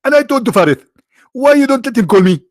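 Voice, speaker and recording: A man doing a mocking impression of a preacher addressing an audience, in a high, excited tone. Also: quick pace, dry recording, studio quality. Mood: preachy.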